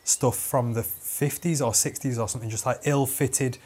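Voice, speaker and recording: A man's voice: mid-range voice, fairly even intonation, normal speed, a little mellow. A man, a podcast host telling a rambling story, swearing and laughing as he goes. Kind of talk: casual storytelling chat.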